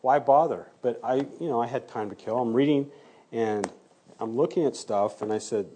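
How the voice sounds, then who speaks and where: A man's voice: mid-range voice, normal speed, mellow, a little hiss or hum. A man who works as a forensic DNA criminalist, telling a story in an interview and acting out the exchanges he quotes.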